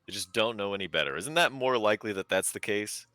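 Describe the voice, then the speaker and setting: A persuasive adventurer, played by a man with a low, bright voice, heard up close and dry. He reasons calmly and talks people down in a tabletop game. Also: fast, no room sound, soft background music. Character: smooth-talking male diplomat adventurer.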